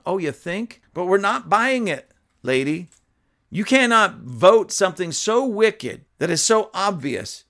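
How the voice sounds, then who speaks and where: Reading news out loud, a political commentator with a slightly high, somewhat bright voice delivers opinionated commentary. He scolds emphatically, restarting and using fillers as he goes.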